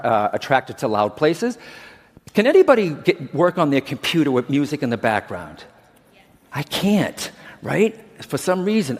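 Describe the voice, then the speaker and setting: Chatty middle-aged man talking in a hall. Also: mid-range voice. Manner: chatty, keeps checking in with the crowd. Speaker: medium teaching a workshop. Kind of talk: conference talk to a live audience. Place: large conference hall. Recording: long reverb of a big hall.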